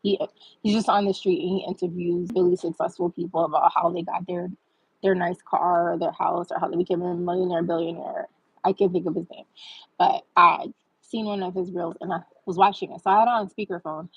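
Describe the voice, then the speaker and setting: Woman, husky, dull lo-fi sound, chatty animated storytime. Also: fairly low pitch, fairly quick, no room sound. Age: adult with a child. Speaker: vlog host. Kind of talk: casual storytime.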